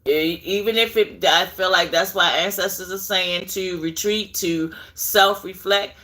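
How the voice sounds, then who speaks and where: A woman's voice: fairly low pitch, a little slow, fairly bright tone. A woman giving a live tarot reading, chatting directly to her viewers and drifting into asides as she goes. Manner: chatty, addresses viewers directly, digresses while searching for things. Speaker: tarot reader.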